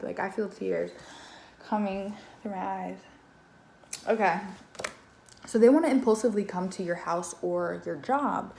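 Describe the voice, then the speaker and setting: A woman's voice: mid-range voice, gravelly, dark tone. A woman giving a casual tarot reading straight to the viewer, loose and conversational, with plenty of swearing and fillers. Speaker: tarot reader. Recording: echoey room with faint background noise.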